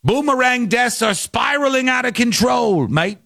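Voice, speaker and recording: A man's voice: extremely high pitch, expressive, unhurried, gravelly, pushed and bright, no echo, studio quality, voice pushed up, heavily acted. A man putting on a mock-dramatic Australian accent for a made-up travel warning. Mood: mock alarm. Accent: put-on Australian.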